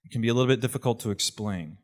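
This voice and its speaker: A man's voice: mid-range voice, very fast. Earnest man preaching a sermon. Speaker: pastor.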